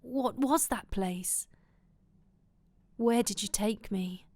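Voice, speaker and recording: Woman reading as a shaken young lover, whispered role-play, slow hushed pleading. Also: medium pitch, breathy edge, dry recording. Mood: panicked. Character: frightened young man, tender lover.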